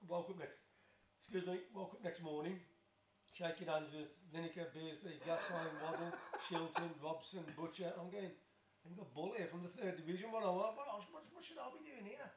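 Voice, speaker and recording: Fast-talking Black Country man in a roomy echo. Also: fairly high pitch, slight background noise. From Tipton, West Midlands of England. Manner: rambling, lots of restarts and "as I say", laughs through stories. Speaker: guest, former footballer. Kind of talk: casual storytelling interview.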